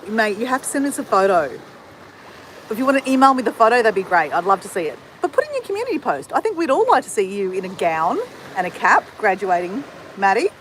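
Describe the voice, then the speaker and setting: A woman's voice: medium pitch, fairly bright tone, slight background noise, rough recording. A woman from Australia with an Australian accent, chatting casually with viewers on a livestream, greeting them and answering their comments. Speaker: livestream host. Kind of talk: casual live chat with viewers. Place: outdoors in the sun.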